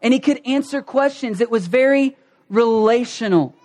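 A pastor preaching a conversational sermon in a folksy, animated way, acting out little scenes. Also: mid-range voice, normal speed.

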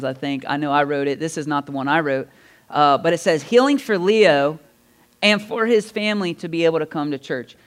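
A man pastor telling stories to his church in a lively, conversational sermon with asides and chuckles. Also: on the high side, smooth. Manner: animated, conversational storytelling with laughs and asides. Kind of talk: sermon storytelling.

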